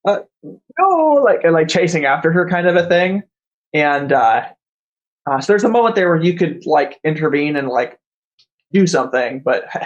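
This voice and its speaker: Game master, a man with a fairly high voice, halting and full of ums. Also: dull audio. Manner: halting, many ums and restarts. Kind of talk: running a tabletop game.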